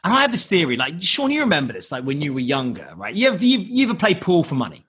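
A man's voice: a little high, huge pitch swings, fast, sharp tone, breathy edge. A man, telling a rambling story as a podcast guest, laughing and swearing often. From United Kingdom. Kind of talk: casual storytelling.

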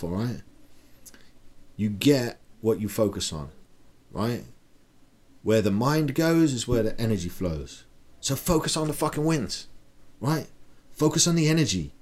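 A man's voice: mid-range voice, a little mellow. A middle-aged man hosting a podcast, giving a blunt, profane pep talk full of rhetorical questions. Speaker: podcast host. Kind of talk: casual motivational monologue.

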